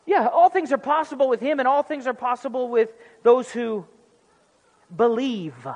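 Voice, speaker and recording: A man preaching a sermon in a church, animated and acting out little comic dialogues. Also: extremely high pitch, normal speed, dull audio. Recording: music under voice, long hall reverb.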